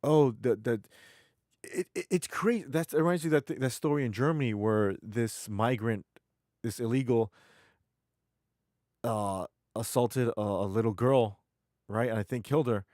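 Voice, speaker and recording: A man's voice: mid-range voice, normal speed, darkish tone, no echo, studio quality. A man streaming, talking casually in a rambling, emphatic way with many restarts. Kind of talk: casual chat.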